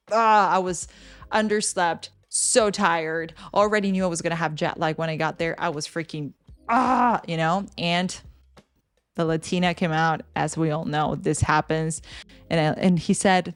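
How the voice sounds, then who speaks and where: A woman who works as a flight attendant tells a work story in a chatty, animated vlog way, full of fillers like "like" and "you know.". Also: on the low side, no echo.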